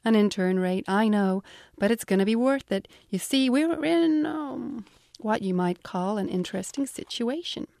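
A woman's voice: fairly high pitch, animated, moderate pace, creaky, darkish tone, no echo, clean studio sound. A woman with a British accent voicing a brusque, blunt male agency boss who talks in a curt, dismissive, salesy way.

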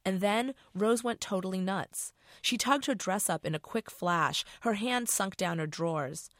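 A woman's voice: mid-range voice, measured pace, fairly bright tone, dry recording, studio quality. A middle-aged woman author reading her novel aloud in a casual, profane first-person voice.

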